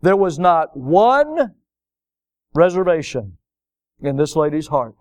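A man's voice: fairly high pitch, big pitch swings, slow pace, a little mellow. A middle-aged man preaching a sermon as pastor, building to emphatic, impassioned peaks.

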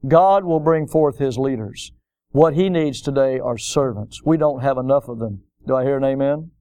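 A man's voice: mid-range voice, normal speed, dark tone, smooth. A middle-aged man preaching a sermon as pastor, building to emphatic, impassioned peaks.

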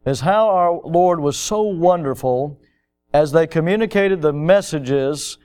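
A man's voice: on the high side, unhurried, a little mellow, clean tone. A middle-aged man preaching a sermon as pastor, building to emphatic, impassioned peaks.

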